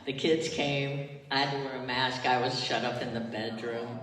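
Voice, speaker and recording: A woman's voice: very deep voice, fairly even intonation, normal speed, fairly bright tone. An older woman minister giving a heartfelt sermon and leading her congregation in call and response. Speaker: retired minister. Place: chapel. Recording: echoey hall, far from the mic.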